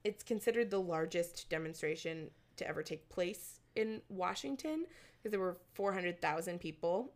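Young woman, casual chatter, lower-middle pitch, filler-heavy storyteller. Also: moderate pace. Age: young adult. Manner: chatty, many likes and ums, laughs while telling. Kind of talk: casual chat.

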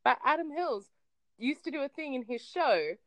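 A woman with an Australian accent, co-hosting a casual podcast chat and telling lively stories with frequent laughs. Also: sits high, normal speed, no echo. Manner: animated storyteller, laughs often. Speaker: podcast co-host.

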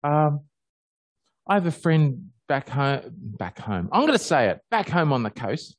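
An Australian man preaching in a relaxed, storytelling way, his voice leaping upward whenever he gets excited. The recording is dry and close, with no room sound. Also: measured pace, dry recording. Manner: animated storyteller, pitch jumping high on happy moments. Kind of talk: conversational sermon with personal stories.

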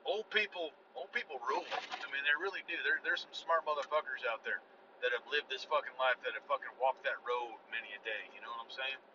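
A man's voice: medium pitch, fairly quick. A middle-aged man rambling in a casual, profane, folksy monologue while sitting in a vehicle. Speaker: vlogger. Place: inside a vehicle on a back road. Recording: dull lo-fi sound with faint car noise.

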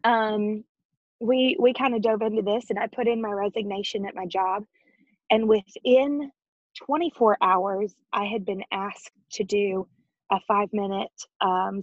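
A woman's voice: medium pitch, fairly even intonation, normal speed, no room sound, lo-fi sound. A woman in her thirties telling a personal faith story as an interview guest, earnest and emotional, laughing often and close to tears. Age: 30s.

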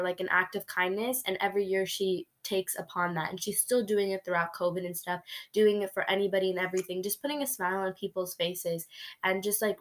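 A young woman chatting casually as a podcast co-host, her voice sitting a little low for a woman. She rambles along with plenty of "like" fillers and easy, relaxed phrasing. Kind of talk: casual chat.

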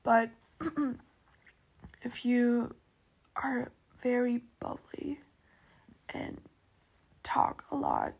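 Slow, husky-voiced woman podcaster. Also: on the high side. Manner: rambling, chatty, many fillers and soft asides. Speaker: podcast host. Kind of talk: casual solo podcast monologue.

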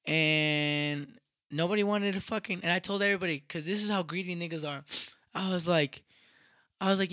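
A young man casually telling a rowdy story, profane and animated, acting out what people said. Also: a little high, normal speed, no echo. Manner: animated, profane, acts out quotes loudly.

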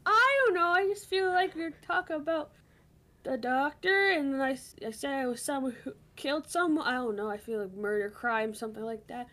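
A young woman guest on a casual podcast, hesitant at first and given to quick teasing remarks. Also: high voice, sharp tone. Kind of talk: casual chat.

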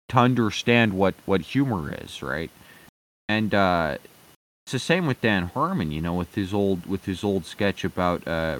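A man delivers a heated, profanity-laced commentary rant in a somewhat low voice. He talks with frequent fillers and stumbling restarts. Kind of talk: ranting commentary.

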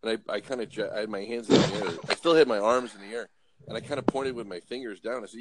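A middle-aged man from Los Angeles casually telling a story, animated, acting out voices and restarting often. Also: fairly low pitch, fast talker, very noisy. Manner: animated, acts out voices, swears, frequent restarts. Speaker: guest storyteller.

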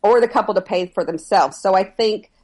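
A middle-aged woman, an etiquette expert, calmly giving advice as a podcast guest. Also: mid-range voice. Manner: measured, advising, steady. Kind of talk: podcast interview answers.

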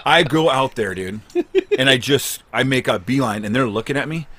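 A man in his thirties co-hosting a podcast, telling a story in casual chat and acting out the quotes loudly. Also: medium pitch, lively intonation, normal speed. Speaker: podcast co-host.

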